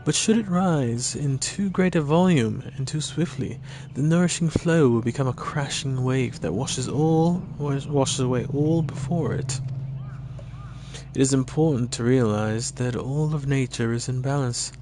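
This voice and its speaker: A man's voice: medium pitch, a little slow, noisy background, close to an everyday voice. A man voicing a stately male elf conjurer in a put-on mix of Scottish and Irish accents, speaking in a solemn, formal way. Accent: mixed Scottish-Irish put-on. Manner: solemn, formal old-fashioned speech. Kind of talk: voicing game dialogue on stream.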